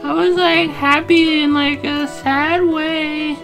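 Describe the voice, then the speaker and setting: Cast: a woman as an airy valley-girl witness, squeaky high, slow and drawn out, music bed beneath. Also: flat delivery, exaggerated voice. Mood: spacey. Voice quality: very high, breathy-sweet voice. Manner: valley-girl talk, "like" in every phrase. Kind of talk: fan dub of a game.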